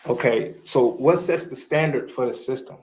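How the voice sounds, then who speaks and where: A man's voice: medium pitch, normal speed, darkish tone, low-quality recording. Casual man questioning on a call. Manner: casual, informal, questioning back. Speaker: guest. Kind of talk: casual debate on a stream call.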